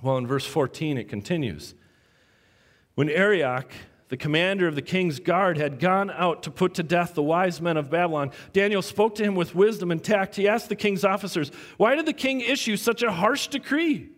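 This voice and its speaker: A man preaching a sermon, telling a personal story with animated quoted voices. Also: on the high side, moderate pace. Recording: long hall reverb.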